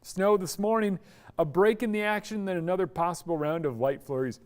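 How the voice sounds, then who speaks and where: A man's voice: sits high, lively intonation, moderate pace. A man presenting a live TV weather forecast in an upbeat, chatty way, explaining weather with everyday comparisons. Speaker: TV meteorologist.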